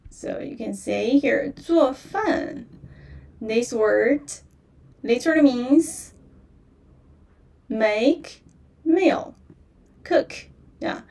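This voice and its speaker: A woman teaching beginner in a livestream, speaking slowly and patiently, repeating phrases and saying "yeah" often. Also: a little high, animated, gravelly, darkish tone, distant mic. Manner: slow and patient, repeats phrases many times, fillers like "yeah". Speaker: Chinese language teacher. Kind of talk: livestream language lesson.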